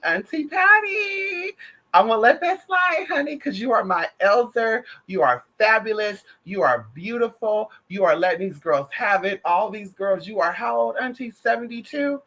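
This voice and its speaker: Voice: medium pitch, sharp tone. A vlogger giving sassy, profane, gossipy pop culture commentary, calling the viewer girl and honey.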